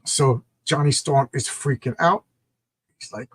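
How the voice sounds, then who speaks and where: A man's voice: medium pitch, steady tone, moderate pace, vocal fry, husky, no room sound. A middle-aged man reviewing comic books in a casual, enthusiastic, rambling way. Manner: enthusiastic, rambling, repeats words.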